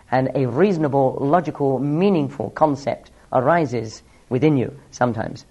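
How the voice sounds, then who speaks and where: A man's voice: medium pitch, darkish tone, breathy edge. A man teaching through a Bible passage, explaining each verse with asides and small laughs.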